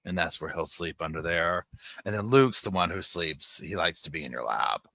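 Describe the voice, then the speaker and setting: A man hosting a casual livestream at home, chatting loosely and cooing softly to his puppies. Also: deep voice, expressive, normal speed, vocal fry, no echo. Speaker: livestream host.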